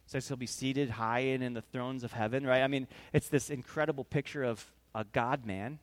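A male preacher giving a sermon, telling the story in an animated way and acting out the scenes. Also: mid-range voice, moderate pace.

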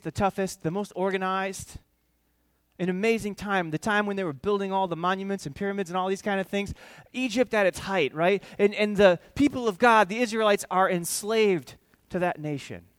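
A man preaching a sermon in an animated, conversational way, with quick asides to the congregation. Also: sits high, no room sound. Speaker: pastor.

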